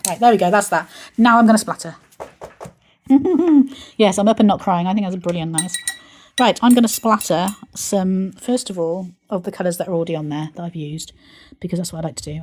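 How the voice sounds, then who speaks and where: A woman's voice: lowish voice, animated, a little fast, darkish tone. Chatty woman painting live. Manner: chatty, talks to herself while painting, playful. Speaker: art channel host.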